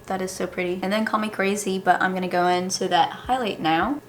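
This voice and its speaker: Chatty young woman vlogging a makeup try-on, casual and rambling, quiet room hum. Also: medium pitch, fairly even intonation, fairly quick. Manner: chatty, filler-heavy with frequent "like". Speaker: beauty vlogger. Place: indoors at a desk.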